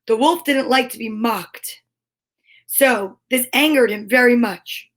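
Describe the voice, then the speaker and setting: A woman telling a fairy tale aloud in a slow, playful comic reading with little asides. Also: fairly high pitch, a bit bright. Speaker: storyteller. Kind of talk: comic storybook narration.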